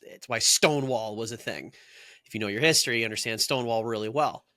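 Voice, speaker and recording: A man's voice: medium pitch, fast, sharp tone, dry recording, clean studio sound. A man co-hosting a casual chat, speaking sincerely and reflectively. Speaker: co-host.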